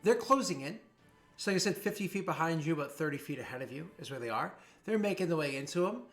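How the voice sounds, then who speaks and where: A man's voice: on the high side, lively intonation, fast, faint music behind. A man narrating a tabletop game as game master, rambling with many fillers and restarts. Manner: voices jeering thugs in a raised voice.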